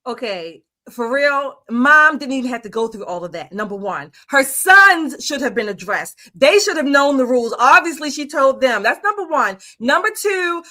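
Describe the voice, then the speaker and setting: High, bright-voiced blunt woman. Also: very animated, moderate pace, few pauses. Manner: emphatic, blunt. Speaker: panelist. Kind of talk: casual panel talk.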